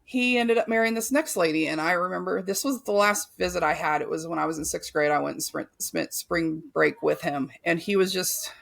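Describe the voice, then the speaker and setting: Speaking fairly quickly with few pauses, a woman in her thirties uses a lowish voice marked by vocal fry. She's a podcast host giving a frank, profane account of her own life, full of fillers and restarted sentences.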